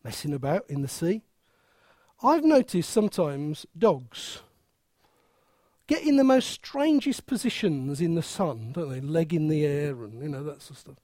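A preacher in full sermon, emphatic and playful, peppering the talk with rhetorical questions. The delivery is unhurried and deliberate. The voice sits close and dry, with no room around it. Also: medium pitch, animated, mellow, no room sound.

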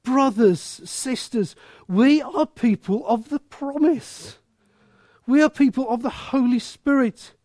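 A male preacher delivers a sermon with great passion, now and then breaking into bits of song. His voice sits very high and he speaks slowly and deliberately. The sound is dry and close, with no room echo. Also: darkish tone. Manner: passionate, bursts into snatches of song.

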